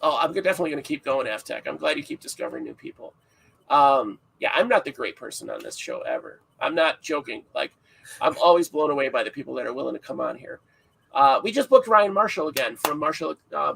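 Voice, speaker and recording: A man's voice: on the high side, very animated, quick pace, gravelly, fairly bright tone, slight background noise, poor audio. A man hosting a casual livestream podcast, rambling and joking with frequent laughs, sounding tired. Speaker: podcast host.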